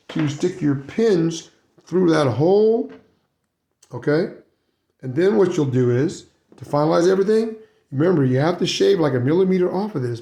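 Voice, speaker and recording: A man's voice: on the high side, creaky, dark tone, reverberant. A man giving a casual hands-on how-to demonstration, chatty and often checking in with "right?" and "guys". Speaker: RC hobby video maker.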